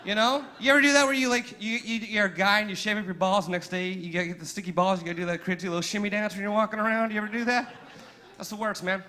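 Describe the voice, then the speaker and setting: A man's voice: high-pitched, steady tone, fast talker, bright, forceful tone. A young man performing a crude stand-up comedy set, telling brash stories with acted-out dialogue on a comedy club stage.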